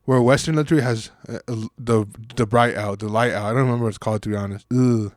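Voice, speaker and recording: A man's voice: mid-range voice, steady tone, fast talker, no room sound, studio quality. A man casually explaining and comparing word pronunciations, now and then stopping to rethink as he talks. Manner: casual, thinking aloud with restarts. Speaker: language hobbyist presenter.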